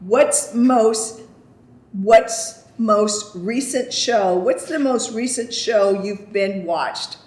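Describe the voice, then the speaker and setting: With drawn-out words and a medium, somewhat mellow voice, a woman chats casually through viewer questions on her vlog. She leans on "I kid you not" and checks in with "okay?" a lot, in an echoey room.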